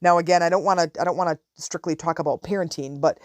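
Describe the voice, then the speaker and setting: A woman's voice: lowish voice, fairly even intonation, quick pace, no room sound. A middle-aged woman hosting a podcast, chatting casually and telling stories with asides. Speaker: podcast host. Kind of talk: casual advice talk.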